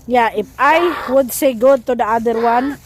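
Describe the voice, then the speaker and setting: A woman's voice: a little high, moderate pace. A young woman with a Filipino Cebuano accent, a mother cheering and laughing as she plays ball outdoors with her kids. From Philippines. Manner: cheering, laughing, playful with children. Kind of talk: casual family vlog.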